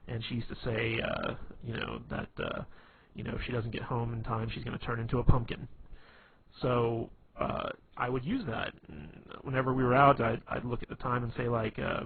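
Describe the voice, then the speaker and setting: A man's voice: mid-range voice, level tone, a little fast, gravelly. A man talks through advice casually, stumbling over restarts and filler words. The sound is narrow and tinny, like a phone line, with a faint hiss underneath. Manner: rambling, many fillers and restarts. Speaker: dating advice talker. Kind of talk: casual instructional talk.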